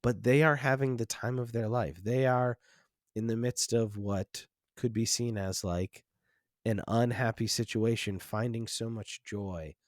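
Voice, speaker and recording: A man's voice: medium pitch, fairly even intonation, a little slow, dry recording, studio quality. A man hosting a film podcast, talking casually and reflectively with lots of restarts and "like"s. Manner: rambling, many restarts and fillers, reflective. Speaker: podcast host.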